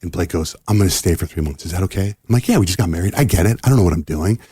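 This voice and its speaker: Deep husky-voiced man telling a story. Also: racing, no echo, clean studio sound. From United States. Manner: animated storyteller acting out quoted dialogue. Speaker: radio host guest. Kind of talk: casual storytelling in a podcast interview.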